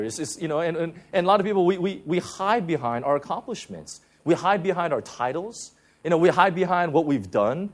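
Man preaching in a chatty, halting way. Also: lively intonation. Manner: conversational, many fillers and repeated restarts; drops soft and low when speaking of grace. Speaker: pastor. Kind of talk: sermon.

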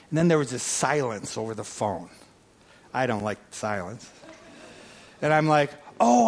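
Male preacher, high voice, animated storyteller. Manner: animated storyteller, acts out quoted prayers and calls. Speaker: guest preacher. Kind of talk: sermon storytelling.

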